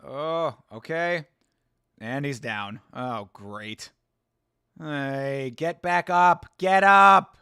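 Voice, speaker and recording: A man hosting a fight watch-along, giving casual, excitable reaction commentary. He yells at the fighters, laughs often and sits close to the mic. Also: a little high, extremely slow, clean tone, no echo.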